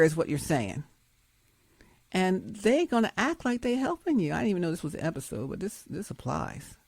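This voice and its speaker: A woman's voice: on the low side, sing-song, normal speed, creaky, dry recording. A woman hosting her show, giving emphatic, preachy commentary with frequent laughs. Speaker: host.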